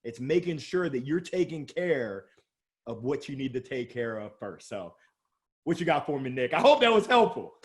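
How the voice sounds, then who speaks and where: A man speaking as an interview guest about sales, lively and joking, with strong emphasis. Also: medium pitch, normal speed. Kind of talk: energetic motivational interview talk.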